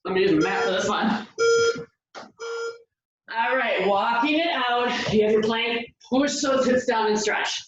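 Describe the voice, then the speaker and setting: A woman's voice: on the high side, very animated, a little slow, long pauses, background noise. A woman leading a home workout who sounds out of breath as she coaches the moves and counts down the seconds. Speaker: fitness instructor. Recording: echoey room, distant mic, dull sound.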